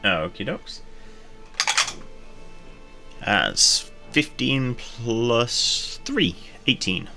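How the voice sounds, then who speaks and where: A man playing a tabletop game, talking in a playful, halting way with restarts. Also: medium pitch, expressive, vocal fry, over music. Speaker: player.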